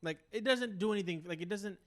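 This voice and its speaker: A man's voice: high-pitched, fast. A man co-hosting a podcast, reading news aloud and chatting bluntly with jokes and swearing. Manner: blunt, joking, swears freely. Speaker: podcast co-host.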